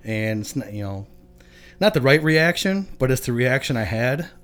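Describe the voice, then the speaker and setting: A relaxed young man from Michigan spins a long personal story. His voice sits at a medium pitch. He is casual and profane, and he laughs easily. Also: normal speed. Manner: laid-back, laughing often, profane. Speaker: podcast guest.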